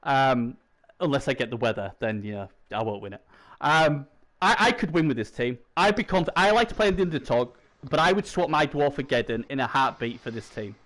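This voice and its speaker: A man's voice: mid-range voice, expressive, fairly quick, fairly bright tone. A man co-hosting a casual gaming league chat, rambling with many fillers and restarts. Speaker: co-host.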